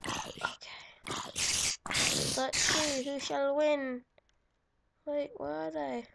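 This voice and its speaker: A woman's voice: on the high side, creaky, noisy background. A woman giving casual, chatty let's-play commentary over a computer microphone, giggling and correcting herself as she goes. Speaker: gaming channel host.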